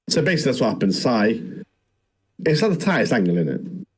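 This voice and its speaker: A man's voice: medium pitch, very animated, fast, pauses often, breathy edge. A man, co-hosting a podcast and recapping anime scenes in rambling, slangy casual chat. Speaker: podcast co-host.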